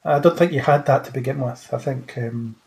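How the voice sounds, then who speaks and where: A man's voice: medium pitch, a little fast, creaky, a little mellow. A man hosting a podcast, opening with a playful scripted intro and then chatting casually with his co-hosts. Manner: playful, jokey sci-fi banter. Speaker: podcast host.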